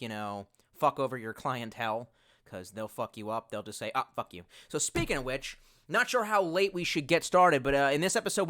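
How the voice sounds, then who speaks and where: Profane rambling young man, bright voice. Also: medium pitch. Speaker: livestream host. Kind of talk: casual livestream chat. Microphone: bluetooth headset.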